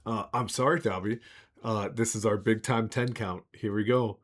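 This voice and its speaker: A man's voice: on the low side, steady tone, moderate pace. Playful man running a tabletop game. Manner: playful, laughs often. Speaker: game master.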